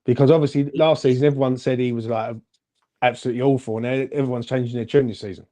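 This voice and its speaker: A man co-hosting a casual football fan chat, animated and chatty, calling everyone "mate". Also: medium pitch, quick pace. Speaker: fan channel co-host.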